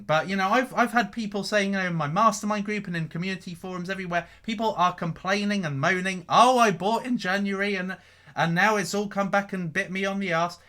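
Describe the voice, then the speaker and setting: Guy vlogging, high voice, goes all over the place, keeps saying okay?. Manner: animated and emphatic, often ends points with "okay?". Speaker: crypto vlogger. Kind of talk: casual market commentary to camera. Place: indoors in front of a green screen.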